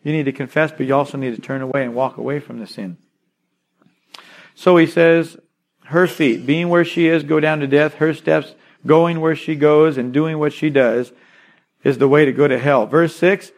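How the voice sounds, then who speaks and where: Preaching man with a higher voice. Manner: expository preaching, quotes scripture and addresses "son" with emphatic pauses. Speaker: pastor. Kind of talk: sermon.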